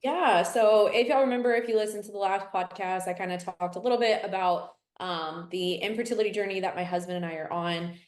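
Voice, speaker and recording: A young woman, a podcast guest speaking earnestly, with soft fillers. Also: mid-range voice, steady tone, brisk, few pauses. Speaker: assistant coach, podcast guest. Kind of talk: casual podcast chat. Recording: roomy echo.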